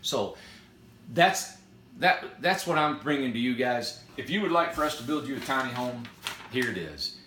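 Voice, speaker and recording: A man's voice: mid-range voice, animated, moderate pace, noisy background. A middle-aged man, owner and builder of a tiny home company, talking unscripted in a live video with earnest, rambling, emphatic repetition. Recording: echoey room.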